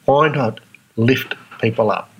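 A man with an Australian accent talking casually as a podcast host, acting out other people's reactions in a higher voice. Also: slow, breathy edge, poor audio. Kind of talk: casual monologue.

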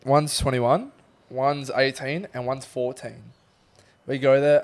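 Seorang pria berusia dua puluhan dengan aksen Australia, bercerita santai dan sering mengumpat di obrolan podcast. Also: male voice, medium pitch, normal speed. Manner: swears freely, animated storytelling. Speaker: podcast co-host. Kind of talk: casual chat.

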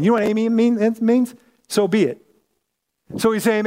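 A male pastor giving a casual, animated sermon full of slang, acting out the people in the story. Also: high-pitched, fairly quick, big-room sound.

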